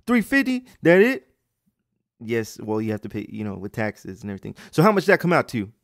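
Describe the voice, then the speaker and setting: A man voicing a loud, obnoxious male store customer who scolds and repeats himself. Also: mid-range voice, huge pitch swings, fairly quick, gravelly, no echo, clean studio sound, exaggerated voice. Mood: pushy questioning.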